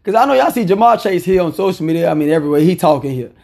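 A man with a fairly high, gravelly voice rattles off his football betting picks. He is casual and opinionated, and he repeats short phrases to hammer home his point. The tone is loose and conversational. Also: lively intonation, rapid-fire, darkish tone. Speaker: sports picks commentator.

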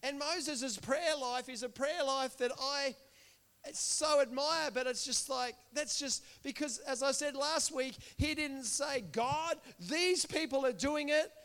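Very high-voiced man preaching. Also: fairly even intonation, unhurried, bright, forceful tone. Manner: earnest, repetitive, builds to impassioned calls. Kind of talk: sermon. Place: church.

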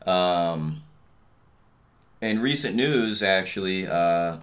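Profane, ranting young man, lowish voice. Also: lively intonation, drawn-out words, a bit bright. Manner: profane, blunt, heavy on filler and "you know what I mean". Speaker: podcast host. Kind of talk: casual rant.

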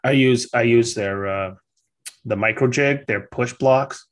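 A man's voice: mid-range voice, a little slow. A man co-hosting a casual podcast, joking and interjecting. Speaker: podcast co-host. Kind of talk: casual chat.

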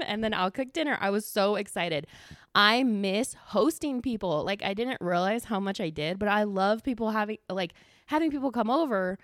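A woman hosts her own podcast in a loose, chatty way, rattling on so fast she runs short of breath. Her voice sits at an ordinary middle pitch, and the recording is dry and close with no room sound. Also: expressive, dry recording. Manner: talks fast without pausing for breath, gets winded; chatty, swears casually, heavy use of "like". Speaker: podcast host. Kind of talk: casual solo podcast chat.

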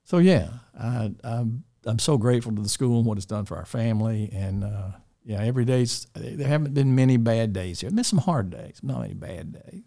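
A man's voice: mid-range voice, lively intonation, a little fast, vocal fry, few pauses. An older man, a school dean, chatting in an interview with many restarts and fond chuckles. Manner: rambling, warm-hearted, with many restarts and chuckles. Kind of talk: casual interview chat.

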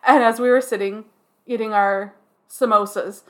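A woman co-hosting a podcast, chatting casually in a relaxed way with dry asides. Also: a little high, moderate pace. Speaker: podcast co-host. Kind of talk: casual chat.

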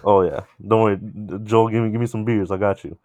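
A young man casually telling a long, animated story among friends, swearing freely. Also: lowish voice, brisk, highs cut off.

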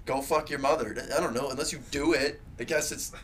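A young man co-hosting a podcast, telling profane, rambling stories in casual chat with loud bursts. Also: medium pitch, steady tone, fairly quick. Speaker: podcast co-host.

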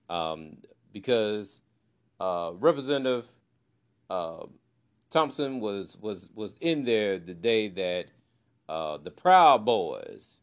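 A man hosting his own podcast, talking loosely and chatting away, with "man" in nearly every sentence. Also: fairly low pitch. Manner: loose and chatty, says "man" constantly, many fillers. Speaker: podcast host. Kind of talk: casual solo podcast talk.

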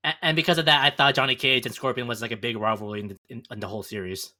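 Man, podcast guest, eager storyteller, rapid, bright. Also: medium pitch, fairly even intonation. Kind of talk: casual chat.

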